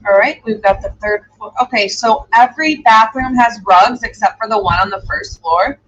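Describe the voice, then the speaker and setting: A woman's voice: mid-range voice, moderate pace, soft background music. A woman hosting a live true crime stream, thinking aloud as she reacts and trails off in hesitant musing. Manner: coos softly to her dog. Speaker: true crime livestream host. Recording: dull lo-fi stream audio.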